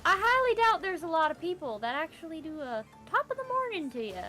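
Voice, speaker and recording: Rambling, talkative female co-host, bright and a little high, soft music behind. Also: sing-song, a little fast. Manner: chatty, rambling with hedges. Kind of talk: casual chat.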